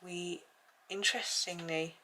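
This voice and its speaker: Brief: English woman hosting a colouring vlog, low and bright-toned voice, chatty, thinks aloud. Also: steady tone, measured pace, poor audio. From England. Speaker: colouring channel host. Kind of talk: casual chat while colouring.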